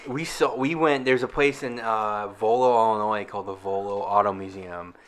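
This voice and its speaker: A man's voice: fairly low pitch, normal speed, fairly bright tone. A man in casual podcast chat, rambling through self-mocking stories and laughing often. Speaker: guest co-host.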